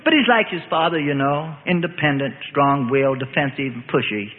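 A weary village mother, confiding and resigned, voiced by a man reading. The voice is fairly high, and the sound is tinny, with a long reverb. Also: normal speed, natural voice. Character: weary mother complaining about her son.

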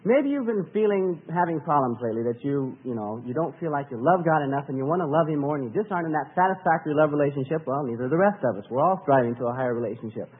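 Man in the pulpit, animated worship teacher with a husky edge, on a tinny, telephone-thin old tape. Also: fairly high pitch, racing, few pauses. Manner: earnest, animated, sings short phrases to illustrate.

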